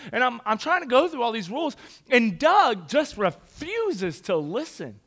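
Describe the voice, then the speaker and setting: A young man telling a story to a crowd in a lively, casual, conversational way. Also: extremely high pitch, normal speed. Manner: animated, conversational, casual slang. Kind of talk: storytelling talk.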